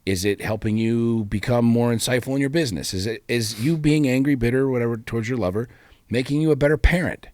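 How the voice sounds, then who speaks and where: A man's voice: mid-range voice, quick pace, a little mellow, no echo. A man co-hosting a relationship talk show, talking candidly and bluntly, swearing freely and firing off rhetorical questions. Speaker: podcast co-host. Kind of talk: candid casual chat.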